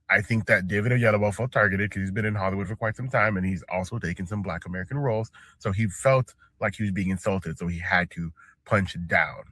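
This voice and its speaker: Low-voiced guy breaking it down calmly, punchy bright tone, dry sound. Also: no room sound. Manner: measured, explanatory. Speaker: social media commentator. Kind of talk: analytical commentary.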